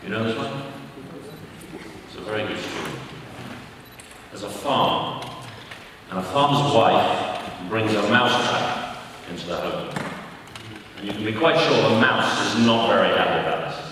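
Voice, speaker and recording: A man's voice: on the low side, a little slow, pauses often. British man addressing a large hall. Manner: relaxed, anecdotal, warmly humorous storytelling. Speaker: diplomat giving an address. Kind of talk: formal public speech. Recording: echoey hall, distant mic, background noise.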